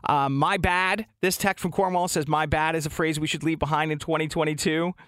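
A man's voice: fairly high pitch, fairly even intonation, fairly quick, a bit bright, clean tone, no room sound, clean studio sound. A man co-hosting a morning radio show, chatting casually, laughing often and reading out listener texts.

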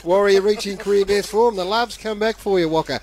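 A man's voice: high-pitched, a little fast, darkish tone. An Australian man hosting a footy radio show, chuckling and reading out listener messages at a studio mic. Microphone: studio microphone.

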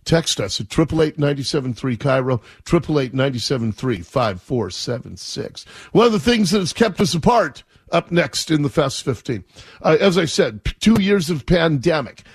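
A man's voice: on the high side, sing-song, moderate pace, vocal fry, breathy edge, no echo. A man hosting a talk radio show, chatty and opinionated, setting up clips with his own asides. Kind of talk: casual talk radio commentary.

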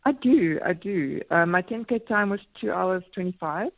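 A woman in her forties, a radio guest telling stories in a lively, self-deprecating way, laughing often. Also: fairly low pitch, normal speed, vocal fry, no room sound, narrow, tinny audio. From South Africa. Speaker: marathon swimmer and speaker, radio guest. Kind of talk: casual radio interview chat. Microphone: phone line into radio studio.

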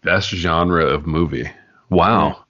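Bright-voiced man hosting a podcast. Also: low voice, takes it slowly, dull audio. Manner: joking, teasing banter. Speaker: podcast host. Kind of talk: casual podcast chat.

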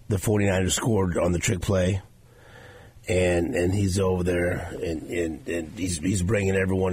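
Deep-voiced male sports radio host. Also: a little hiss or hum. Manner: animated storytelling, acts out quotes. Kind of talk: casual sports talk. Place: radio studio.

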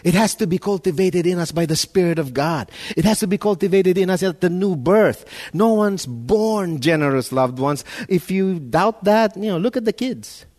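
A pastor preaching a sermon with emphasis, often restarting his words and swinging between loud and quiet. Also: high voice, expressive, moderate pace, hardly any pauses. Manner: emphatic, repeats words, rises and falls in loudness.

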